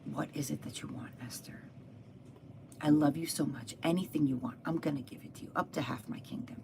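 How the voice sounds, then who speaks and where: Brief: a woman voicing a doting king, soft, quiet and indulgent. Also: low voice, fairly quick, creaky, noisy background.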